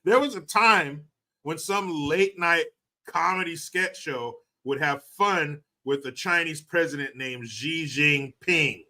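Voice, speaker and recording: A man with a bright, slightly higher voice hosts a casual livestream. He rants in a mocking, sarcastic way, swears freely, and stops to thank viewers for their donations. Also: takes it slowly. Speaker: livestream host reading donations.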